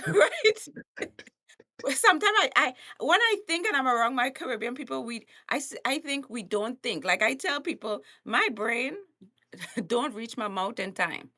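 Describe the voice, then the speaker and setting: A woman's voice: on the high side, lively intonation, moderate pace, pushed and bright. A woman from Trinidad with a Trinidadian accent, a coach and comedian speaking bluntly on a podcast, laughing often and acting out quotes. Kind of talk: animated podcast conversation.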